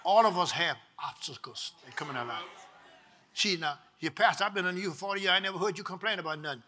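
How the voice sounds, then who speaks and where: Man, preacher, high voice, very bright tone, call-and-response sermon. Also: quick pace, slight background noise. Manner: call-and-response preaching, swings from quiet teaching to loud exhortation. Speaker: pastor.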